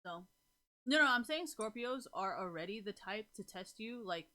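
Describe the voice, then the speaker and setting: Woman, bright tense voice, casual streamer chat, rambling, swearing, lots of fillers. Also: medium pitch, lively intonation, normal speed. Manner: rambling, swears freely, many fillers, laughs often. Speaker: live streamer chatting with viewers.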